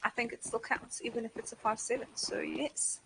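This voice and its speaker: A woman's voice: a little high, expressive, a little fast, creaky. A woman doing live esports commentary and chatting with viewers. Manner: chatty, talks to the chat. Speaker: esports caster. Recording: noisy stream audio.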